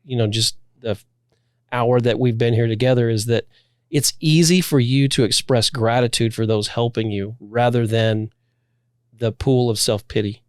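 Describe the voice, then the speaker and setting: A man's voice: mid-range voice, fairly even intonation, normal speed, darkish tone, smooth, no room sound. Male co-host, casual reflective interviewer, dry studio sound. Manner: reflective, thinks aloud. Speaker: podcast co-host.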